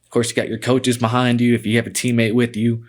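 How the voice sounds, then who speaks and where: A young man in his twenties talks loosely through a story, relaxed and profane, with a middle-pitched voice. He fills his sentences with "man" and restarts them as the story rolls on. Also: quick pace. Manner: laid-back, profane, says "man" a lot. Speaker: podcast guest, fighter. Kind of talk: casual storytelling.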